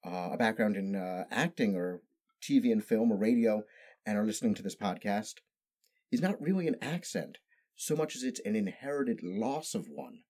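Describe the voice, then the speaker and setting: Precise-spoken man, mellow low voice. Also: expressive, moderate pace. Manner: precise, carefully placed speech with no regional accent. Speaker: podcast guest, improv actor. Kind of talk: casual storytelling chat.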